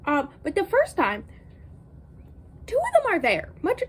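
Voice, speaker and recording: A woman book vlogger in a casual review, ranting in an exasperated, animated way with plenty of ums and likes. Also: very high voice, measured pace, rough recording.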